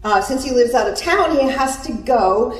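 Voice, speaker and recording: A woman's voice: on the high side, lively intonation, moderate pace. A woman who owns a spa talks chattily and unhurriedly at a community event, laughing now and then. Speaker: spa owner and group founder. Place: event room. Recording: echoey room from far off.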